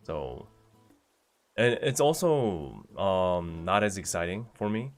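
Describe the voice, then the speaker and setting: A man with a fairly low voice hosts a relaxed livestream. He reads out viewer messages and answers each one in a chatty, unhurried way. Soft guitar music plays faintly underneath. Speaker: streamer reading chat. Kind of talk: casual livestream chat.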